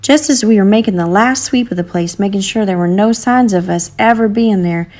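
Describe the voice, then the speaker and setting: A woman narrating a storybook in an earnest, measured reading. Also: mid-range voice, a little mellow.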